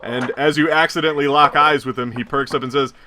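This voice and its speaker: A man's voice: mid-range voice, fairly even intonation, fast talker, bright, forceful tone, slight background noise. A man narrating a tabletop horror game as game master, telling the scene like a story. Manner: storytelling, with chuckles.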